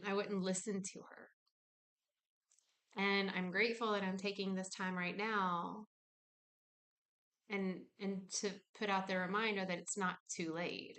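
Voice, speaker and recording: A woman's voice: mid-range voice, fairly bright tone. A woman in her kitchen at home, talking candidly and reflectively in a personal vlog, acting out her inner dialogue.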